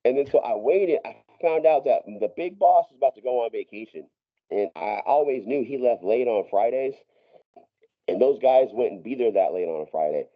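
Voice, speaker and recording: A man's voice: medium pitch, lively intonation, normal speed. Man, podcast guest, profane rambling storyteller, frequent restarts, muffled lo-fi sound. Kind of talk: casual storytelling.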